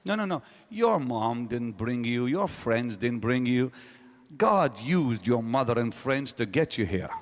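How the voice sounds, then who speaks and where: A man preaching a sermon to a congregation, emphatic, swinging from loud rising questions to low quiet statements. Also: very animated, measured pace, in a large hall. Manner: emphatic preaching with sudden rises and drops. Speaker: pastor. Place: large hall.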